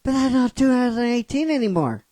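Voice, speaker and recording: A woman hosting a show, ranting in excited disbelief, swearing and laughing. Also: on the high side, a little fast, dry recording. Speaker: host. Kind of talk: casual ranting commentary.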